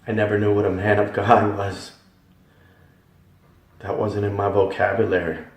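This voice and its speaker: A man giving a dramatic Christian testimony, emphatic, swinging from hushed tones to loud ones. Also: lowish voice, little pitch movement, moderate pace. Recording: echoey hall, voice from far off.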